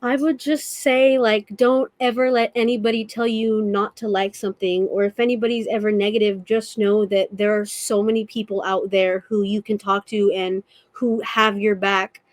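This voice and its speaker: A woman's voice: medium pitch, fairly even intonation, moderate pace, few pauses, no echo. A young woman talking as a podcast guest in casual conversation, earnest and openly emotional as she gushes.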